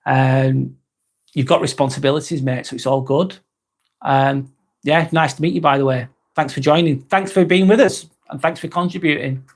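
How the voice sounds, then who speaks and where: A man's voice: fairly high pitch, normal speed. A man hosting a live vlog, talking casually and reading out viewer comments, with lots of ums and some swearing. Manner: relaxed and chatty, with frequent ums and casual swearing.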